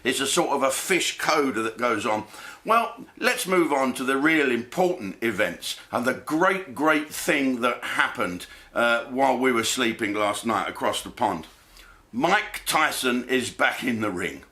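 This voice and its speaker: A comedian in his sixties talks straight to camera in a blokey, swearing monologue. His voice is bright and forceful, sitting at an everyday pitch for a man. He jumps from joke to joke with casual asides. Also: animated, measured pace. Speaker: comedian host.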